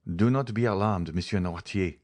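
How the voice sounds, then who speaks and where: A man reading a grave, measured doctor. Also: sits low, darkish tone, natural voice. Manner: measured, solemn. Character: grave male doctor, calm and insistent.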